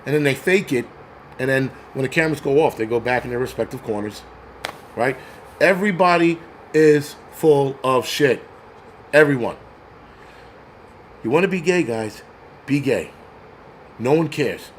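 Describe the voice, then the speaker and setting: Angry and crude, this New Yorker hosting a livestream rant mocks others by imitating them in put-on voices. He speaks at medium pitch and normal speed, animated but with long pauses, over a little hiss or hum.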